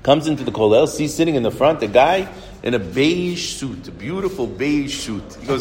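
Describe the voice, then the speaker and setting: A man telling a story as a Torah lesson to a small group, lively and often restarting his phrases. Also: mid-range voice, moderate pace. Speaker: Torah teacher. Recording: reverberant room with faint noise.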